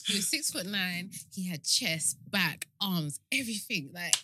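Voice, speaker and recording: A woman's voice: on the low side, unhurried, dry recording. A woman, telling stories in a casual chat and acting out what people said, often laughing. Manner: animated storyteller, laughs often, acts out quotes. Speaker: podcast co-host.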